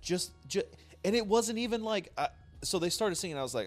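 A man co-hosting a casual podcast chat, ranting in an animated, profane way. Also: high-pitched, fairly quick, faint music behind. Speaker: podcast co-host.

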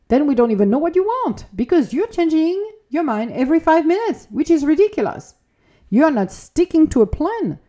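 A woman hosting a spiritual, motivational podcast, talking animatedly and acting out the voices she quotes. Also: high voice. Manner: animated, self-talk, acts out quoted voices. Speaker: podcast host.

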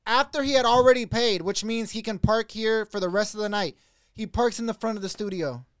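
High-voiced, animated podcast host. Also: male voice, brisk, smooth, no room sound, clean studio sound. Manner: animated storyteller, acts out others' outbursts loudly. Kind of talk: casual chat. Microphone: studio mic.

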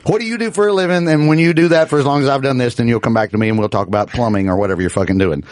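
A man's voice: mid-range voice, no room sound. Brief: fifties male comic, cusses freely, rants blunt, dry close sound. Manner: blunt, profane, quick to rant. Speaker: stand-up comedian guest. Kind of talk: casual podcast banter.

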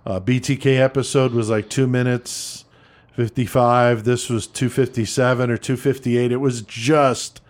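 A man hosting a metal podcast, talking in loose, profane banter at a medium pitch. He sounds relaxed and chatty as he leads the conversation. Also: a little slow. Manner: profane, laid-back banter. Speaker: podcast host. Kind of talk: casual podcast chat.

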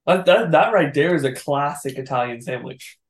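A man's voice: fairly high pitch, expressive, moderate pace. A man co-hosting a podcast, chatting casually in a laid-back way with dry comments. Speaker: podcast co-host. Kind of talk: casual chat.

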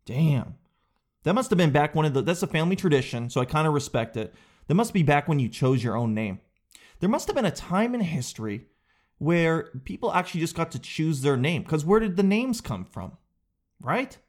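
A young adult man, a comedian, hosts a podcast where he riffs casually and rambles, often slipping into quick, exaggerated impressions. His voice is a little high.

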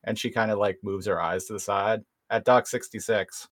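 A man's voice: lowish voice, fairly even intonation, a little fast. A man co-hosting a podcast, casually recapping an episode's plot with hesitant fillers. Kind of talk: casual chat.

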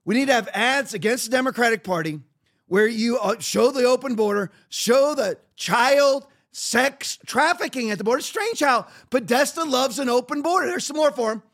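A man's voice: extremely high pitch, moderate pace, a bit bright. A middle-aged man hosting a podcast, delivering emphatic, repetitive, sarcastic political commentary. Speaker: podcast host.

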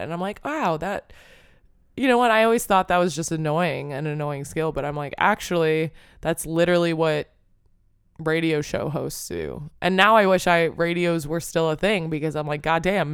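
A woman's voice: sits low, smooth, no echo, studio quality. A young adult woman hosting her own podcast, talking alone in a rambling, self-deprecating way, full of "like" and casual cursing. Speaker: podcast host. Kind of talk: casual solo podcast monologue.

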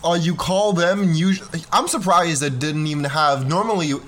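A man's voice: a little high, normal speed, a bit bright. A young man hosting a reaction video, talking in a laid-back, slangy, joking way. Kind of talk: casual commentary.

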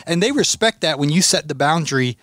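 A man's voice: fairly high pitch, brisk, no echo, clean studio sound. A man hosting a podcast, telling stories casually and acting out what others said. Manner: animated storyteller, acts out quotes. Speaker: podcast host. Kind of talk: casual chat.

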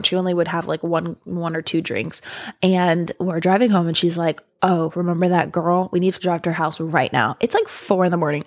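A young woman rambles through a candid storytime, cursing freely as she goes. Her voice sits low and gravelly with vocal fry, and it sounds close and dry with no room around it. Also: no echo. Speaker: vlogger. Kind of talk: casual storytime monologue.

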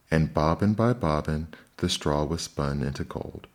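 Male storyteller, very low voice, measured fairy-tale narration. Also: expressive, darkish tone.

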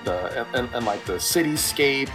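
Animated man chatting about animation. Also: mid-range voice, moderate pace, music in the background. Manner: animated, swears, frequent restarts and laughter. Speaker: podcast co-host. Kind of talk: casual chat.

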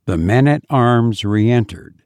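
A man reading a historical adventure audiobook in a measured, dramatic narration style. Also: mid-range voice, expressive, darkish tone, no room sound, clean studio sound. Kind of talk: scripted narration.

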